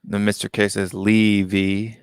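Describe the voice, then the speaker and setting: A man's voice: on the low side, steady tone, moderate pace, gravelly, fairly bright tone, smooth, no room sound, clean studio sound. An American man hosting a casual live-stream call-in show, reading out viewer comments and musing on them aloud. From United States.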